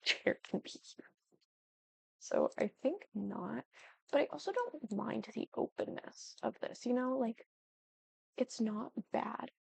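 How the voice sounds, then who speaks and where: A woman's voice: fairly high pitch, vocal fry, darkish tone, breathy edge, no room sound. A young woman chatting casually as she builds in a life-sim game, thinking aloud and often apologizing. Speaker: Sims building YouTuber. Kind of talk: casual gameplay commentary.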